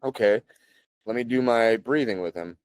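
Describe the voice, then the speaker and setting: A man in his thirties, a podcast guest, talking in a relaxed, chatty way full of "like" and "you know" and clearing his throat often. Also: medium pitch, normal speed, no echo. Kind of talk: casual conversational storytelling.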